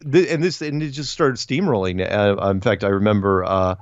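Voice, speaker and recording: A low-voiced man chatting as an interview guest, animated and full of restarts, slipping into quoted voices as he tells his story. His voice comes through dry and a bit dull, like lo-fi remote audio. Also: moderate pace, no echo.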